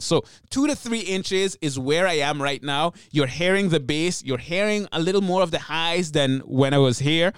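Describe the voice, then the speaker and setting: Guy explaining how to podcast, smooth clear slightly high voice, dry close mic. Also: lively intonation, normal speed, few pauses, fairly bright tone, no room sound. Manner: chatty explaining, demonstrates mic technique. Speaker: podcast host. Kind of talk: instructional talk. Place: small home podcast studio. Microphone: podcast microphone with pop filter.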